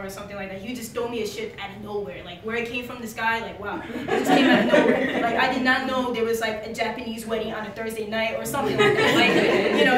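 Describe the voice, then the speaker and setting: A woman giving a candid, laughing, profane spoken tribute at a memorial gathering. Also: on the high side. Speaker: eulogy speaker. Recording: roomy hall from far off, noisy.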